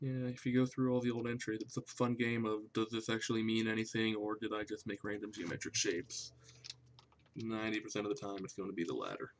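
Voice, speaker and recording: A man's voice: on the low side, fairly quick, slight background noise. A man hosting a livestream, chatting casually and thinking aloud while he draws. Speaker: livestream host and artist.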